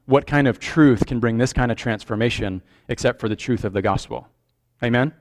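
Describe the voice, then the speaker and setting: A man's voice: medium pitch, fairly quick. Conversational male pastor preaching a sermon. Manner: conversational, earnest, asks the congregation questions.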